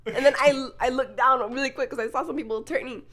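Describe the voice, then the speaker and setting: A young woman co-hosting a podcast tells a story in casual chat, speaking fast in a high-pitched voice. She's animated, laughs often and swears freely.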